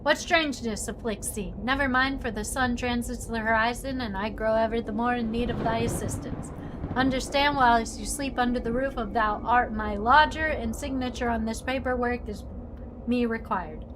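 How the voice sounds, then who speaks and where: A woman's voice: a little high, moderate pace, noisy background, close to an everyday voice. A woman voicing an old-fashioned, formal landlord who speaks in stilted archaic phrases. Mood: pompous.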